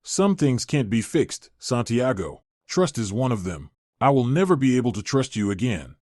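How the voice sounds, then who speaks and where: A betrayed young woman, as a man reads her, firm and cold in every word. Her pitch moves a lot, and the sound is dry and close. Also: sing-song, moderate pace, darkish tone, dry recording.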